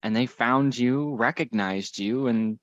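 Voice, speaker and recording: A man playing a tabletop game, thinking out loud in a tentative, searching way. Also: medium pitch, a little slow, dry recording, dull audio. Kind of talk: casual chat at a game table.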